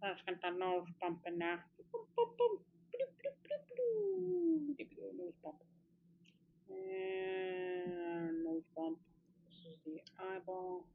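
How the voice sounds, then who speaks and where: A woman chatting casually and thinking aloud as she sketches, encouraging herself through mistakes. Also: fairly low pitch. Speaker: art channel creator. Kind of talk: casual drawing commentary. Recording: slightly muffled with faint hiss.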